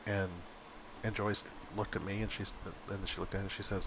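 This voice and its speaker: A man with a lowish voice and a bright, forceful edge tells a long story while playing a game. He restarts and repeats himself often and acts out the lines of the people in his story. A faint background noise sits under his voice. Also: little pitch movement, fast talker, rough recording. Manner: acts out the quoted dialogue. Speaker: gaming channel host.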